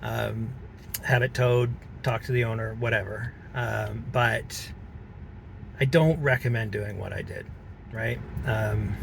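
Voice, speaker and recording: A man vlogging from a car, talking in an earnest, halting way with many fillers. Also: lowish voice, fairly even intonation, gravelly, a bit bright, a little hiss or hum. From Canada. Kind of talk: reflective personal vlog.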